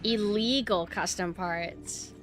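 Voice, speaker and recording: A woman streaming a game and chatting casually with her viewers, swinging between quiet murmurs and loud exclamations. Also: medium pitch, slow, soft background music. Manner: chatty, talks to chat directly. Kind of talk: casual gameplay livestream chat.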